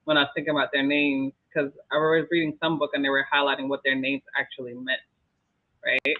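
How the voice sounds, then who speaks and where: A man takes part as a panelist in a casual group Bible discussion, sharing reflective thoughts with trailing phrases and light laughs. His medium-pitched voice stays fairly flat and runs a little fast, heard over a tinny, phone-like line.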